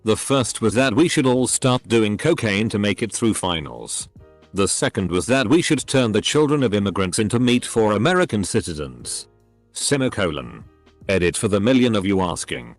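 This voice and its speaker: This low-pitched male narrator works through posts in an even, scripted manner at a moderate pace. His widely varying pitch lends a lively, lilting feel, while gentle background music plays faintly over a dry recording.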